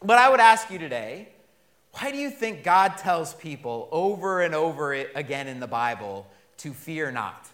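A man in his thirties preaching a sermon, telling stories with humor and lively energy. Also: fairly high pitch, normal speed. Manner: animated storytelling with humor. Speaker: pastor.

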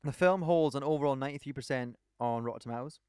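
A man's voice: medium pitch, fast, warm tone, smooth, dry recording, studio quality. A man co-hosting a podcast, enthusiastically retelling a documentary in casual chat, rambling from point to point. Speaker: podcast co-host.

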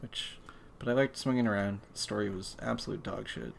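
A man's voice: lowish voice, a little fast, gravelly, a little hiss or hum. A man co-hosting a podcast, chatting casually and bluntly about video games and swearing freely. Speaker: podcast co-host.

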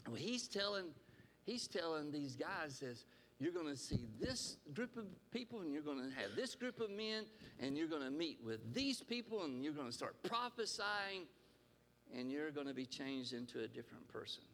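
A pastor preaching a sermon, retelling a scripture story and acting out its speakers. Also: male voice, a little high, very animated, moderate pace, a bit bright, a little hiss or hum. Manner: storytelling, paraphrasing scripture in voices. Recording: reverberant hall.

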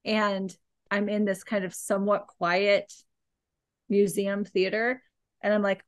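A woman co-hosting a podcast, telling an animated, chatty story and recommending a film. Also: medium pitch, slow pace, clear, resonant tone, no room sound. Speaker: podcast co-host. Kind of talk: casual chat, recommending a film.

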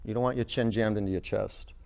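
A man teaching a yoga class in a studio, giving relaxed cues and talking loosely with fillers. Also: lowish voice, quick pace, vocal fry.

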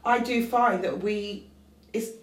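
A woman comedian hosting a casual chat, talking in a measured, thoughtful way and asking questions. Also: mid-range voice, fairly even intonation. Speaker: comedian and host. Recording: roomy sound, mic at a distance.

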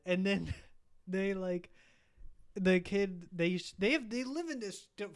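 A young man in casual podcast chat, rambling through a profane, animated story. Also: high voice.

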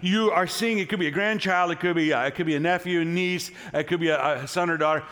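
A man's voice: a little high, fast talker. A middle-aged male pastor preaching a sermon in a church, telling a story in a casual way before rousing the congregation with energy. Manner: casual storytelling, then energetic crowd prompting. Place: church sanctuary. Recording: long hall reverb from a church.

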